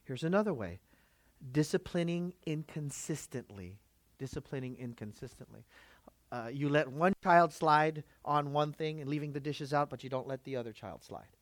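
A man's voice: fairly high pitch, fairly quick, few pauses, no room sound. A man of Filipino background preaching a sermon, emphatic and full of rhetorical questions to the congregation. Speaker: pastor.

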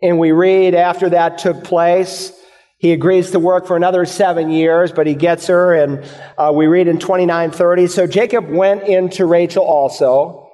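A man's voice: high-pitched, fairly even intonation, moderate pace, dark tone, in a large hall. A male pastor preaching an expository sermon, posing and answering rhetorical questions for his listeners.

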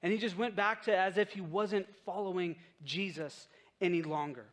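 A man's voice: high-pitched, moderate pace, a bit bright. A man preaching a sermon in a casual storytelling way, acting out the quotes in his stories. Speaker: pastor.

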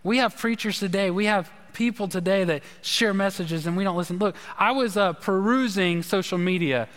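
In a high, fairly bright voice at a moderate pace, a pastor gives a conversational sermon, telling stories and adding asides for the congregation. A large hall's long reverb surrounds him.

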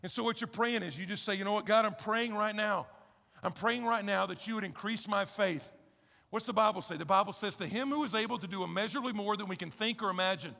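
A man preaching in a big hall, his voice high and gravelly. He talks to the crowd with an emphatic, conversational push, and a long reverb trails his words. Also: fast talker, bright, forceful tone. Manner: emphatic, conversational preaching with repeated calls to listen. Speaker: pastor. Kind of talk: sermon.

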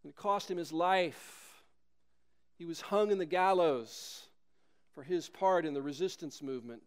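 Pastor, male, emphatic sermon with rhetorical questions; clear, resonant tone. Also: fairly high pitch, unhurried.

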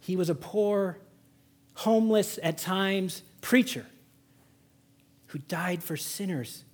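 Pastor guy giving a sermon, kinda husky, high voice, gets loud then drops real quiet. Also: takes it slowly. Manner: swings from loud exhortation to hushed, intimate emphasis. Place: church service.

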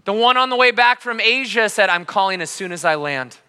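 A man in his thirties preaching a sermon as a pastor, telling his story passionately, dropping quiet and then rising loud. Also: high-pitched, lively intonation, fairly quick, clear, resonant tone, big-room sound. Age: 30s. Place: church hall.

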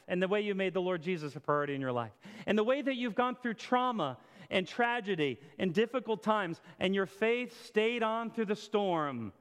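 A man's voice: high voice, expressive, moderate pace, smooth. Impassioned male pastor in a reverberant hall. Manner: impassioned preaching that drops to a hushed prayer. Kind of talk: sermon. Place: church auditorium.

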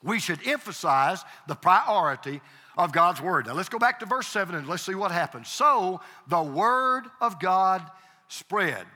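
Male pastor, bright, sharp-edged voice, emphatic sermon delivery, long hall reverb. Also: high-pitched, big pitch swings, normal speed. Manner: emphatic, repeats phrases, calls for congregation response. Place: church sanctuary.

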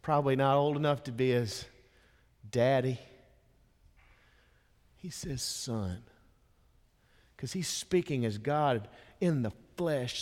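A man preaching a sermon as a dramatic storyteller, dropping to a hush and then rising to impassioned emphasis. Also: mid-range voice, takes it slowly, long pauses. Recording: long hall reverb.

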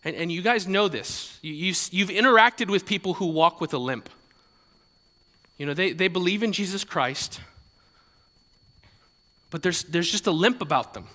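A male pastor preaches in a casual, conversational way, stumbling over repeated words and chuckling now and then. His voice is bright and forceful, and it is a little higher than most men's. A long hall reverb trails every phrase. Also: normal speed, long pauses. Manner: conversational, repeats words, laughs lightly, acts out quotes. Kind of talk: sermon.

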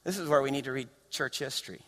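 A man's voice: medium pitch, fast talker. Impassioned male preacher in a reverberant hall. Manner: building to impassioned shouts, varied pacing. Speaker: pastor. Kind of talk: sermon. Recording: long reverb of a large hall.

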